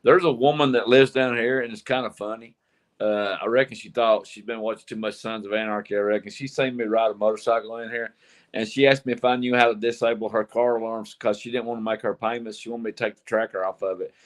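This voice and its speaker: Outdoors on a windy night, a motorcycle vlogger hosts a casual group livestream, joking, rambling and laughing at his own jokes. His voice is fairly low and steady, and he talks at a quick pace.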